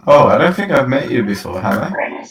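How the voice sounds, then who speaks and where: A man's voice: medium pitch, sing-song, normal speed, roomy sound, recorded from a distance, a little hiss or hum. A man with a British accent mixed with Latino and Portuguese tones, chatting casually and hesitantly in a voice chat. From Britain. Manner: self-conscious, hesitant with restarts.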